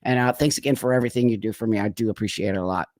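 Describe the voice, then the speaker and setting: A man's voice: lowish voice, rapid-fire. A man hosting his own channel, talking casually to viewers in a fired-up, rambling way with many restarts. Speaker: channel host. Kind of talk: casual commentary vlog. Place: Los Angeles.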